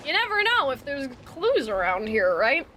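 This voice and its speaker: Excitable young woman streamer, high voice. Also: normal speed, heavy background noise. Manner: excitable, screams and rambles, says like and bestie a lot. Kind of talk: casual live gameplay commentary. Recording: home streaming mic with game music playing.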